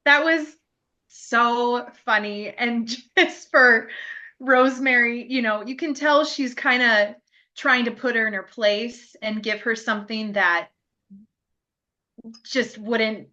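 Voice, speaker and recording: A woman's voice: a little high, slow pace, sharp tone, lo-fi sound. A woman co-hosting a podcast, chatting casually about a TV episode, laughing often and murmuring agreement. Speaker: podcast co-host. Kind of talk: casual TV episode review chat.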